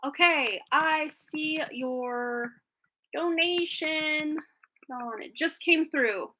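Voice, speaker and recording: Bright-voiced chatty woman. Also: high voice, very slow, slight background noise. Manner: chatty, rambling, laughs often. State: slightly phlegmy after being sick. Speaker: tarot reader on a live stream. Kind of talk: casual live-stream chat.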